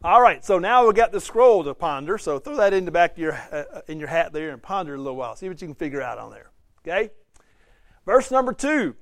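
A man's voice: a little high, no echo. A man teaching a Bible class, conversational, quizzing his listeners and acting out the quotes he reads. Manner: conversational, asks the class questions, acts out quotes. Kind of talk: interactive Bible study teaching.

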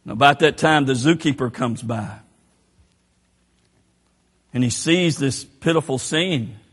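A man preaching a sermon, telling a story, and moving between hushed and shouted passages. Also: mid-range voice, unhurried, breathy edge. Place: church. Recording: echoey church hall.

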